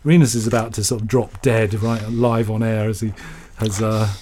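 A man's voice: on the low side, steady tone, normal speed, darkish tone, slight background noise. A man from Yorkshire co-hosting a casual radio show, rambling and joking as he reads out listener mail. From Yorkshire, England. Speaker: radio co-host.

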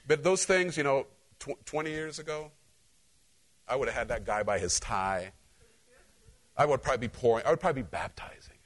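A man's voice: mid-range voice, a little fast, long pauses. A male pastor preaching a conversational sermon, telling personal stories and talking directly to his congregation. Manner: animated, talks directly to the congregation.

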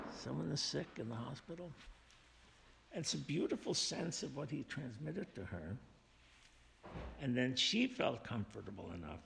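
Gravelly man reading in a reverberant hall. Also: mid-range voice, slight background noise. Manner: thoughtful, measured, explanatory. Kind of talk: reading aloud and reflecting on a passage.

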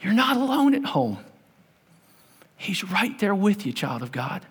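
Male pastor, high voice, dramatic sermon delivery, big reverberant hall. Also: sing-song, measured pace, slightly rough. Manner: storytelling, swinging from loud to hushed.

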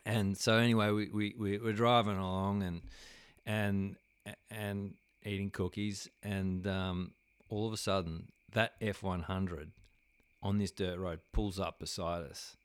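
A man's voice: deep voice, level tone, measured pace, clean tone, no echo. A man casually telling a long anecdote, swearing freely and filling gaps with "um" and "like" as he restarts his sentences. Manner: rambling, profane, many fillers and restarts.

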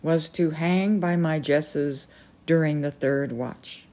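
A woman's voice: deep voice, slow pace, darkish tone. A woman voicing a friendly male merlin hawk captain, polite and explanatory.

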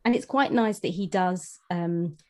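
A woman's voice: lowish voice, measured pace. A woman co-hosting a podcast, chatting about a novel in a hesitant way that often trails off. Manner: hesitant, trailing off, many fillers. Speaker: podcast co-host. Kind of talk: casual book discussion.

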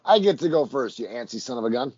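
A man's voice: mid-range voice, quick pace, slightly rough, muffled recording. A man co-hosting a podcast in loose, casual chat, swearing freely. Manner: loose and profane, lively swings in loudness. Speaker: podcast co-host.

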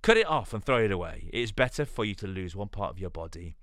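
A man's voice: low voice, big pitch swings, fast talker, a bit bright, no echo, clean studio sound. A man preaching a podcast sermon, emphatic and repeating his key phrases.

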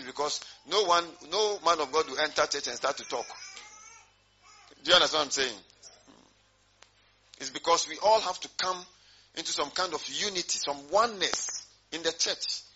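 A man's voice: fairly high pitch, sharp tone. A man preaching a sermon to his congregation, often asking emphatic rhetorical questions. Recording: dull lo-fi sermon recording.

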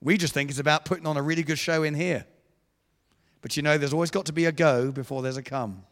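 Lively high-voiced preacher in a church hall. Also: male voice, fast. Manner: animated storyteller, acting out voices. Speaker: guest preacher. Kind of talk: sermon storytelling.

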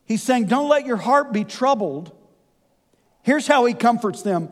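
A man preaching a sermon, folksy and animated with conversational asides. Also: very high-pitched, a little slow. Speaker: pastor. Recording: long hall reverb.

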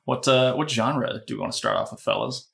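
A man's voice: mid-range voice, huge pitch swings, fairly quick, vocal fry, a bit bright. A man hosting a casual podcast with friends, upbeat and rambly, often restarting his sentences. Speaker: podcast host running an AI text adventure.

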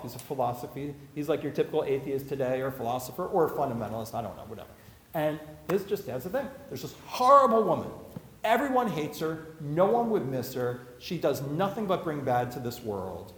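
Teaching Jewish law before a live crowd, this man sounds fairly high-pitched, very animated, slightly mellow, and a little fast. He talks casually, tells stories, and acts out quotes, while the echoey hall adds faint ambience and a little hiss or hum.

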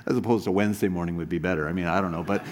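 A man's voice: low voice, fairly even intonation, fast talker. A man preaching a sermon, telling stories animatedly with frequent restarts and asides. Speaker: pastor.

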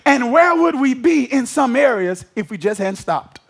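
Preacher, male, very high voice with a raspy edge, call-and-response sermon delivery. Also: very animated, normal speed. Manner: emphatic call-and-response preaching, often asking if the congregation follows.

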